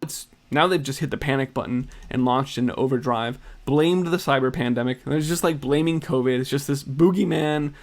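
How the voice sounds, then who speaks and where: A man narrating news commentary, reading quotes aloud in a quick, pointed way. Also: mid-range voice. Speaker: video narrator.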